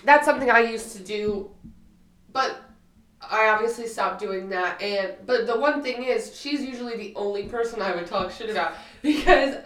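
A woman's voice: on the high side, moderate pace, fairly bright tone, recorded from a distance. A woman in her twenties co-hosting a podcast, talking bluntly and emphatically with plenty of swearing. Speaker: podcast co-host. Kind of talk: casual chat. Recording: roomy sound, a bit off-mic.

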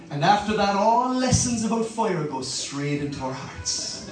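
A man's voice: a little high, moderate pace, heavy reverb, recorded from a distance, faint music behind, poor audio. An Irish man in his fifties, a pastor preaching a humorous, storytelling sermon. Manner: animated, humorous, conversational.

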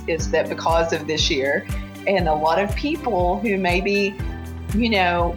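A woman speaking as an interview guest, earnest and halting, with many fillers and restarts as she talks openly. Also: fairly low pitch, rough recording. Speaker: interview guest, family caregiver. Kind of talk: emotional personal conversation.

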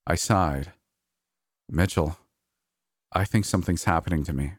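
Deep-voiced man narrating a horror story. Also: a little slow, long pauses, no room sound, clean studio sound.

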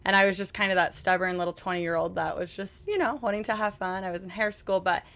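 A woman's voice: medium pitch, quick pace, a bit bright. A young woman from Utah, a podcast guest telling stories in a chatty, laughing way on a cruise ship. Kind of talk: casual chat. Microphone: podcast microphone.

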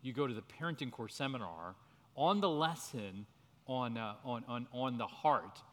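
A man's voice: medium pitch, animated, normal speed. A man leading a church parenting workshop, speaking in an earnest teaching manner, often breaking into laughs. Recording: reverberant hall.

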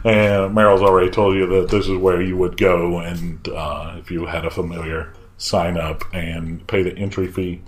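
A man in the role of game master, narrating a tabletop game in a casual, halting way. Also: deep voice, little pitch movement. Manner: casual, halting, many fillers.

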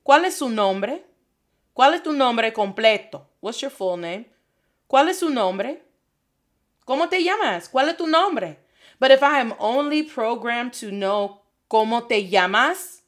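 A woman teaching a Spanish lesson, drilling phrases with lively repetition and switching languages. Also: on the high side, measured pace. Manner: animated, switches between English and Spanish, repeats phrases for drill. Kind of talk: energetic video lesson. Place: Detroit.

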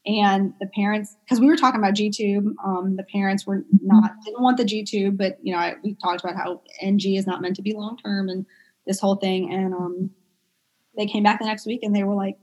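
Speaking fairly quickly at a medium pitch, a young woman who works as a pediatric medical speech-language pathologist chats as a guest in a casual interview. She leans on lots of fillers and tells her stories animatedly, though the audio quality is rough.

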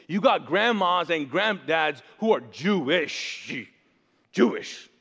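High-voiced man preaching in a reverberant hall. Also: creaky, husky. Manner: animated, jokey storytelling with quick put-on voices. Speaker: pastor. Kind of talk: sermon.

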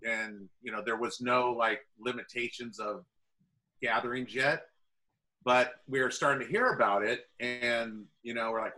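Chill guy chatting as a guest, bright clear tone. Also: medium pitch, normal speed, low-quality recording. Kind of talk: casual conversation.

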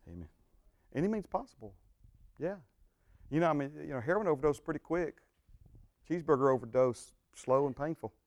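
A man's voice: on the high side, animated, a little fast, pauses often, darkish tone, no echo. Guy pastor chatting to his church, folksy and jokey, lots of amens, dry close mic. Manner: folksy, jokey, interjects amen often. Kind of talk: informal church teaching.

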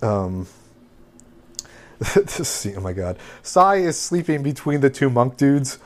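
Regular guy podcasting, summing up an episode, lotta uhs and ums, mid pitch. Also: big pitch swings, slow. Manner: rambling, filler-heavy summarizing. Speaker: podcast co-host recapping an anime. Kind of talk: casual recap chat.

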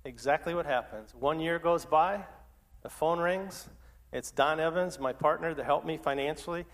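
A middle-aged man telling his testimony as a story, lively and acting out his own past words. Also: on the high side, normal speed, in a large hall. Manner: animated, acts out his own past lines.

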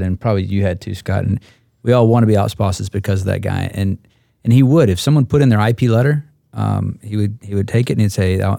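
Male instructor pilot, dark gravelly tone, dry close mic, rambling anecdotal delivery. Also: on the low side, dry recording. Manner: halting, repeats words, restarts. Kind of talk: roundtable storytelling.

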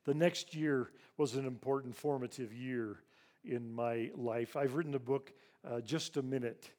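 An older man in his sixties, raised in Ivory Coast, gives a heartfelt storytelling talk to a church crowd. His pitch sits in a middle range. His delivery is earnest, and he sinks to a soft, moved hush over the sad parts. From grew up in Ivory Coast. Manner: earnest, hushed and emotional when recounting loss. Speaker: charity president speaking to a church audience.

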